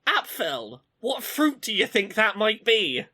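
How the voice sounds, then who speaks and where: A podcast co-host chatting casually, telling animated stories and laughing easily. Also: medium pitch. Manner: animated storytelling, quick to laugh. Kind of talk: casual chat.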